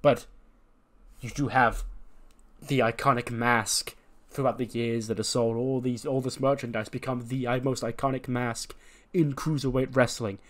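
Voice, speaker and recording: Flustered mediator wrestler, hurried and placating, pitch jumping up , voiced by a man. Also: level tone, lightly acted.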